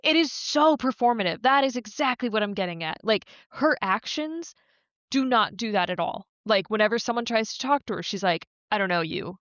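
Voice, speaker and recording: A woman's voice: a little high, lively intonation, fairly quick, fairly bright tone, no echo, muffled recording. A woman co-hosting a podcast, chatting casually about a TV episode, full of "like" fillers and casual swearing. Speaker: podcast co-host. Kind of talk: casual recap chat.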